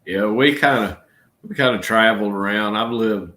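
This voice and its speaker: A middle-aged man from Georgia with a Southern accent hosts a casual livestream chat. His voice sits a little low, and his talk is folksy and rambling, full of y'all. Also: moderate pace, pushed and bright. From Georgia, USA. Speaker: channel host.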